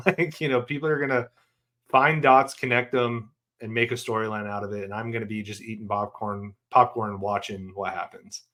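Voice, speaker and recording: A man's voice: fairly low pitch, normal speed. A man co-hosting a sports podcast, chatting casually and animatedly with jokes. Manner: animated, joking, trailing off into fillers. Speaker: podcast co-host.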